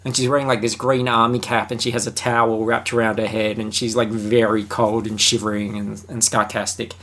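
A man giving a casual, sarcastic and jokey film review, animated and chatty. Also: on the low side, fairly quick.

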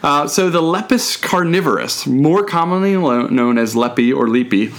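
A man's voice: a little high, lively intonation, moderate pace. A man co-hosting a loose podcast conversation. He jokes easily, leans on ums and uhs, and slips into reading facts aloud in an easygoing way. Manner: laid-back, joking, frequent fillers. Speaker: podcast co-host.

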